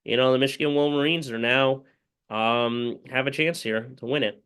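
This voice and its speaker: A man's voice: mid-range voice, steady tone, normal speed, fairly bright tone, clean tone. A man giving a casual play-by-play recap of a football game as a fan, rambling and full of fillers. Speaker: fan commentator.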